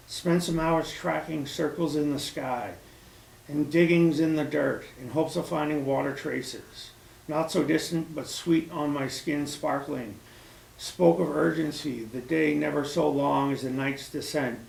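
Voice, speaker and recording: Gravelly man reciting poems. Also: a little high, unhurried, darkish tone, slight background noise. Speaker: poet at a reading. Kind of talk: poetry reading. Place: small cafe gathering room. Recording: echoey room with faint ambience.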